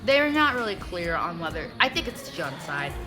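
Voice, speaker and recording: Host, woman, casual sarcastic recapper, clear music bed underneath. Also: fairly low pitch, very animated, normal speed. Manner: sarcastic, chatty, lots of "like".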